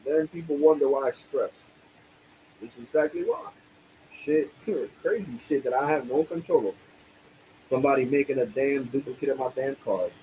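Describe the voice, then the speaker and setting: A man's voice: mid-range voice, moderate pace, dark tone, a little hiss or hum, poor audio. A young man live-streaming, venting angrily with lots of cursing and repetition. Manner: angry, profane, repetitive venting. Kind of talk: casual live-stream rant.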